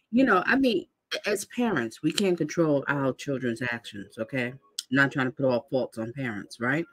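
A woman's voice: sits low, slightly rough, no echo. A woman hosting a live commentary stream, talking straight to her viewers in an indignant, lecturing way and reading out their comments.

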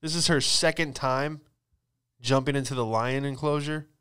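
Podcast guy cracking jokes, clean smooth voice, mid pitch. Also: fairly even intonation, moderate pace, a bit bright. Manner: riffing, joking, laughing often, profane. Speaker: podcast host. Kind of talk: casual comedic chat.

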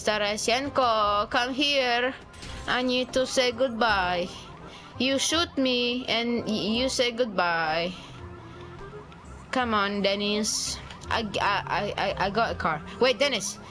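Slow-talking young woman gamer. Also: on the high side. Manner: frustrated, swearing, yelling at a friend. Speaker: gaming YouTuber. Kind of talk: casual gameplay commentary.

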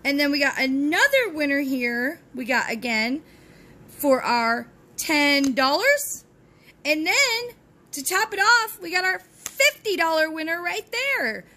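A woman's voice: high-pitched, sing-song, takes it slowly, bright, forceful tone. A woman hosting a scratch-off lottery video from home, chatting cheerfully to her viewers and chanting encouragement as she scratches. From Texas. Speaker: host of a lottery scratch-off channel. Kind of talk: casual chat to viewers while scratching tickets. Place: at home, with dogs nearby.

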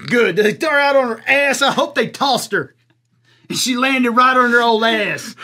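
A man's voice: extremely high pitch, moderate pace, bright, forceful tone. A man playing a crude, blunt commentator with a drawl, laughing at his own jokes in an improvised comedy bit. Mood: crude ranting. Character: crude rural Southern man, blunt, loud-mouthed. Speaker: comic commentator persona.

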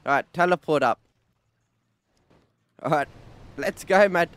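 A man in a game roleplay, brashly taunting another player. His voice sits high for a man and every line ends on "mate". The sound is dry and close on a gaming mic. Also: a little slow, a bit bright, smooth, dry recording. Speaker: streamer playing a roleplay character. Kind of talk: in-character game roleplay trolling.

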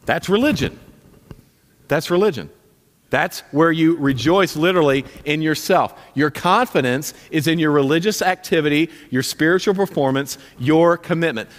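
Emphatic male pastor preaching in a hall. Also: fairly high pitch. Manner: emphatic, repeats commands, direct and punchy. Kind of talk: sermon. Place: church sanctuary.

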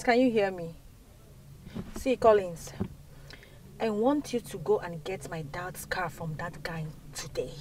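A woman's voice: mid-range voice, a little mellow, natural voice. A woman acting in a film, making an impatient, demanding phone call. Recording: distant mic with faint noise.

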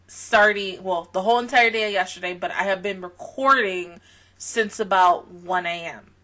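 A woman's voice: mid-range voice, moderate pace, pushed and bright. A tired, sleepy young woman hosting an anime reaction vlog, rambling casually with frequent laughs and slang. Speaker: anime reaction channel host.

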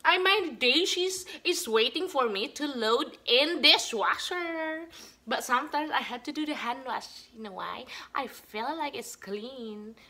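A woman's voice: high-pitched, animated, measured pace, sharp tone. A mother with a Filipino accent chatting playfully in a home vlog, repeating words in chains in broken English. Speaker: mother vlogger. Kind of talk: casual home vlog chat. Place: family home.

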